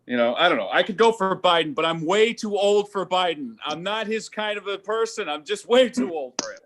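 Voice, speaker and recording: Rambling, animated middle-aged male comic. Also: high voice, brisk. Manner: rambling, animated, swings into loud exasperated outbursts. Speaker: stand-up comedian. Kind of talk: virtual open-mic stand-up set. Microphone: home video call mic.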